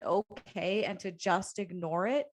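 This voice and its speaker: Here a podcast co-host in her thirties chats casually, unhurried and mid-range in pitch. There's earnest emphasis in how she talks, plus a little sarcasm.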